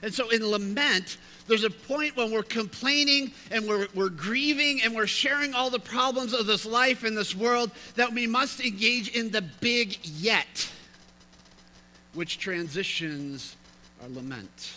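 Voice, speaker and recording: A man's voice: sits high, sharp tone, a little hiss or hum. A man preaching a sermon, reading scripture aloud with emphatic rises and chatty asides to his listeners. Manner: emphatic, reads scripture aloud with rising intensity. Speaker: pastor.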